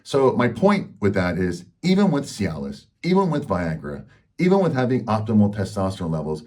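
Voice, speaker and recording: A man's voice: lowish voice, big pitch swings, normal speed, darkish tone. A man hosting a health channel, telling a personal story in a frank, rambling way with lots of fillers.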